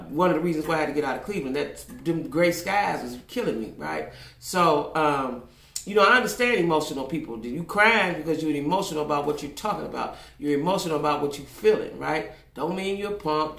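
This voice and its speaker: A woman's voice: sits low, creaky, a bit bright. An older woman giving blunt, profane commentary in a casual vlog, repeating herself for emphasis. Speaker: vlogger. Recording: echoey room.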